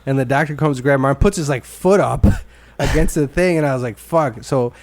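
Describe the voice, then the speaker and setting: A man's voice: mid-range voice, fairly quick, dry recording. A man hosting a podcast in casual chat, rambling, swearing freely and acting out the people in his stories. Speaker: podcast host.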